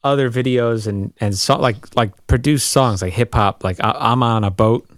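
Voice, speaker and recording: An easygoing man co-hosts a podcast, searching for words with frequent ums. His voice sits in a middle pitch, recorded close and dry. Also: moderate pace, dry recording. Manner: easygoing, hesitant with many ums. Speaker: podcast co-host. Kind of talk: casual chat.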